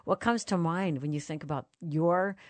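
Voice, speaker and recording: Female talk-radio host, low-pitched, dry studio, eager conversational interviewer. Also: normal speed, darkish tone, dry recording. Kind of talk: hosting a faith talk show.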